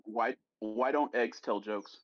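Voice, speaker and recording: A man calling in to chat casually, friendly and joking, telling quick puns. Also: medium pitch, dry recording, muffled recording. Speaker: caller.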